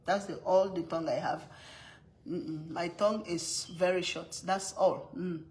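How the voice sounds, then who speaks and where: A woman's voice: lowish voice, steady tone, a little slow, rough recording. A mother with a strong accent chatting casually on a live stream, laughing often and greeting viewers by name. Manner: strong non-native accent.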